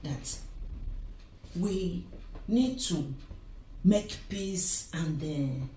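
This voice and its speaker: A woman talks slowly in a somewhat low voice, questioning her friend in a teasing way. The sound is roomy and distant, with faint background noise behind her. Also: darkish tone. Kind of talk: casual chat.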